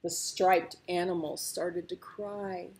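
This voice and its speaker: A woman reading a children's picture book aloud, expressive and measured. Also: lowish voice. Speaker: storyteller.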